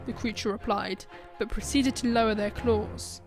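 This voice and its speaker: A woman narrating a short fan story aloud in plain, steady narration. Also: a little high, normal speed, hardly any pauses, soft background music.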